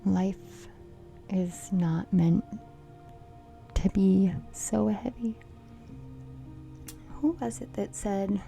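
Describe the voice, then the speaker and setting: A woman's voice: mid-range voice, very slow, vocal fry, long pauses. Brief: middle-aged woman card reader, playful and giggly, slips into whispers, faint music under. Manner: playful, giggly, often drops to a soft whisper. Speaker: tarot reader. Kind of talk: casual oracle card reading.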